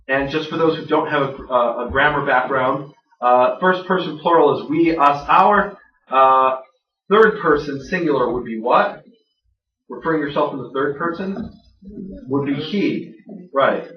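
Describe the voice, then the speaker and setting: In a hall with a live audience, a man with a rather high voice teaches biblical grammar at an unhurried pace, cracking jokes and running himself down, with lots of fillers and restarts. He's far from the mic, so the audio comes across roomy, muffled, and lo-fi.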